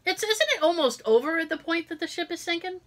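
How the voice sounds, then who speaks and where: A woman co-hosting a podcast, telling an animated story in casual chat and acting out the quotes. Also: very high voice, quick pace. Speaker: podcast co-host.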